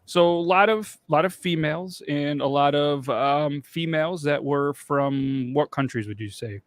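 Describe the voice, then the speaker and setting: American man, podcast co-host, loose storyteller, slightly high voice, dry sound. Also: measured pace, no echo. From United States. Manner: storytelling, rambling. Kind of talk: casual chat.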